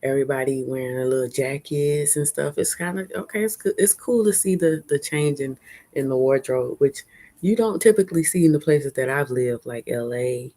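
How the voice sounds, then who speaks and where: A chatty woman talks candidly to her live-stream viewers. Her voice sits low for a woman, and she laughs often as she goes. She is recorded outdoors on a phone held at arm's length. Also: moderate pace, dark tone. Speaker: vlogger hosting a live stream. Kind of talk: casual live-stream chat. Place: outdoors at a fair.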